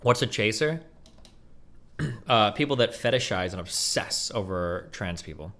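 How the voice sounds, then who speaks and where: A man in his thirties giving a heated, profane reaction commentary, incredulous and quick to raise his voice. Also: fairly low pitch, lively intonation. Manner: profane, incredulous, rising to shouting rants. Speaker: streamer reacting to a debate.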